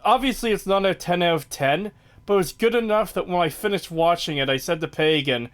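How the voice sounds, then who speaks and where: A man's voice: high-pitched, brisk, a bit bright. Blunt, swearing podcast co-host man. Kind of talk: casual chat.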